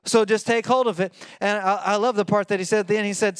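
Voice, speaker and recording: Middle-aged guy preaching, high smooth voice, gets loud then drops way down. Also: quick pace, no echo, studio quality. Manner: animated, rises to near-shouting when quoting. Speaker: pastor. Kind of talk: sermon.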